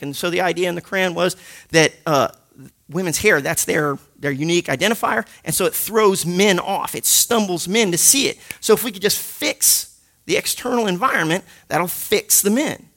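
A man leading a Bible study, his voice high and gravelly with a bright edge. He teaches in an animated, jokey way, firing off sudden punchy sound effects to land his points. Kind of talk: lively teaching talk to a group.

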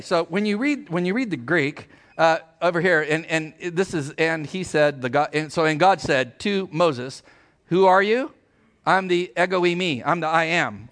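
A middle-aged man preaching a sermon as pastor, emphatic and animated, asking his congregation rhetorical questions. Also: a little high.

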